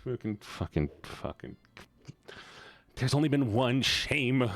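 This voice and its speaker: A man's voice: medium pitch, animated, takes it slowly, pauses often, no room sound. A man streaming live, chatting casually and jokingly with his viewers and swearing often. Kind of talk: casual livestream chat.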